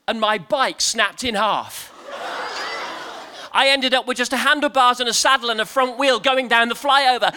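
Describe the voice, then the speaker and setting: A man preaching to a crowd in an animated, playful storytelling style, leading the crowd in shouting. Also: very high voice, a little slow, pauses often, noisy background. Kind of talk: lively storytelling sermon to a crowd.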